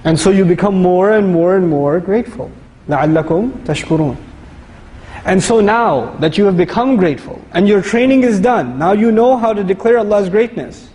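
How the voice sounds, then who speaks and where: Guy lecturing like a sermon, talks quick, chatty, recites arabic verses then explains them. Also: high-pitched, animated, darkish tone, big-room sound, low-quality recording. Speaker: Islamic lecturer. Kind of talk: lively sermon-style lecture.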